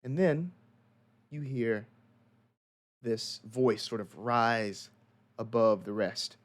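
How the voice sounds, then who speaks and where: A man narrating a tabletop horror game as game master, in steady descriptive storytelling. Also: mid-range voice, drawn-out words.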